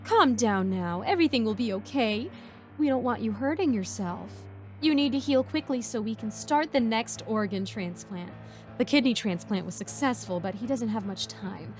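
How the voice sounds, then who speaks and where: A woman's voice: a little high, a little mellow. A woman voicing a creepy, falsely sweet female caretaker in a sing-song, motherly voice. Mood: soothing.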